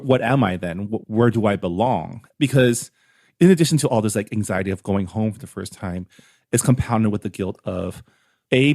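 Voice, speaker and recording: A man's voice: on the low side, a little mellow, dry recording, studio quality. A man co-hosting a podcast, analyzing a novel in casual chat, often checking in with "right?". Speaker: podcast co-host. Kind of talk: casual book club chat.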